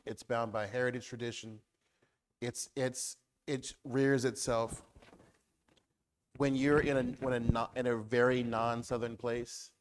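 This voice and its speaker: A man speaking as a guest author in a public conversation, riffing through animated lists. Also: mid-range voice, measured pace.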